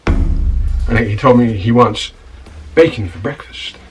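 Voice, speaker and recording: An actor playing a self-righteous scoundrel tavern keeper in a comedy web series, telling an indignant, stammering monologue and calling the listener son. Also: male voice, mid-range voice, slow, distant mic, natural voice, rough recording. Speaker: title character of a comedy-drama web series. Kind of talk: comic monologue. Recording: voice a bit off-mic, with music behind.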